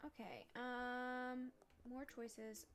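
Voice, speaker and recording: A woman's voice: on the high side, fairly even intonation, drawn-out words, a bit bright. A woman hosting a let's play, giving rambling gameplay commentary full of fillers.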